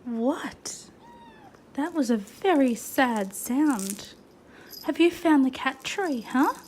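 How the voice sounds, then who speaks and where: Woman vlogger: slow, relaxed chat, higher voice, coos to her pets. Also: a little hiss or hum. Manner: chatty, cooing at her pets. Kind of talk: casual vlog chat. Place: outdoors in front of an ice cream shop, then at home.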